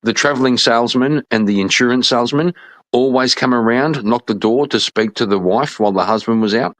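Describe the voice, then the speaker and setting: A man's voice: medium pitch, fairly quick. A man talking loosely on a podcast panel. He tells stories with energy, laughs a lot and swears casually. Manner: animated storyteller, laughs often, swears.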